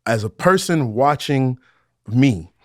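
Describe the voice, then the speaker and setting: An animated man co-hosts a casual rewatch podcast and retells scenes from his own show with plenty of laughter. His voice sits at an everyday middle pitch. The sound is close and dry, with no room around it. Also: slow pace, no echo. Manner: animated storytelling, often laughing. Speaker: podcast co-host and actor looking back on his show.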